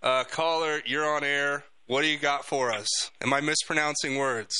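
A man hosting a radio talk show, chatty and upbeat, quick to laugh. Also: a little high, fairly even intonation, bright, forceful tone, smooth, no room sound.

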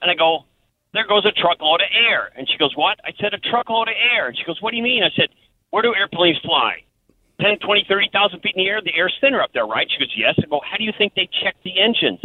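A man's voice: high-pitched, expressive, fast talker. Chatty male caller on a tinny phone line. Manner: chatty storyteller, chuckling. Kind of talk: telling a prank story.

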